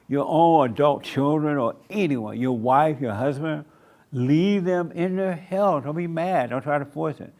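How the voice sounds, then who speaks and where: A man preaching a sermon to a small congregation in a church meeting room. He repeats short commands emphatically and slows down to stretch words for emphasis. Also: mid-range voice, vocal fry, a little mellow. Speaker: pastor.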